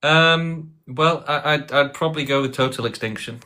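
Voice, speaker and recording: A man's voice: fairly high pitch, moderate pace, bright, forceful tone, clean tone. A man in his thirties hosting a debate livestream, dismissive and repetitive, full of fillers and restarts. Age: 30s.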